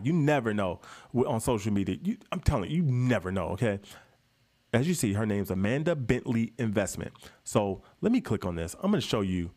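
A man's voice: fairly low pitch, darkish tone. A man vlogging to camera in a casual, emphatic way. He keeps calling his viewers guys and repeats points for stress.

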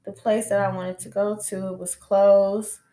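A woman's voice: mid-range voice, little pitch movement, unhurried, mellow. Candid young woman telling her story. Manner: casual, rambling, heavy use of "you know" and "like"; candid and swears freely. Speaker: podcast host. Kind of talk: personal storytelling monologue. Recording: roomy echo.

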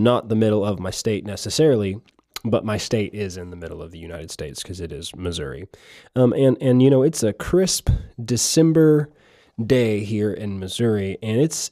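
Male podcast host, mellow tone, rambling casual talk, dry close sound. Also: mid-range voice, dry recording. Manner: rambling, repeats words and restarts. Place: lives in Missouri.

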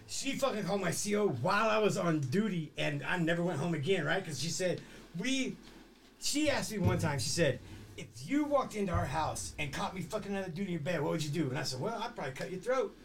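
Profane high-voiced man telling stories. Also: lively intonation, brisk, gravelly, a little hiss or hum. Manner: profane, rambling, laughing. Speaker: podcast host. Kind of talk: casual storytelling.

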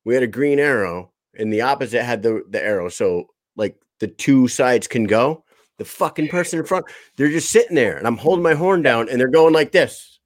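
A man's voice: mid-range voice, lively intonation, moderate pace, no room sound, clean studio sound. A man in his thirties hosting a podcast in loose, profane casual chat, laughing often. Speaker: podcast host.

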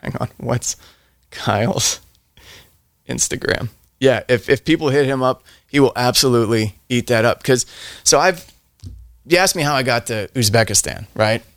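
A man's voice: medium pitch, normal speed, a bit bright, no room sound, studio quality. A middle-aged man, a veteran guest on a podcast, telling a long story in a rambling way, often restarting his sentences and laughing. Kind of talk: casual storytelling.

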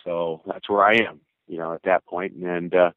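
Low-voiced older man telling stories over a phone line. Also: steady tone, normal speed, no room sound. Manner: rambling, with many fillers and acted quotes. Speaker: former baseball pitcher. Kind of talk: storytelling interview answers. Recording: tinny phone-line sound.

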